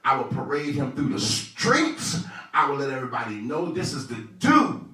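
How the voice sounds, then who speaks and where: A man's voice: medium pitch, wildly swooping pitch, normal speed, sharp tone, pitched below the performer's own voice. A man voicing a boastful, scheming male royal official who talks brash and gloating street talk. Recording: echoey room from a distant mic.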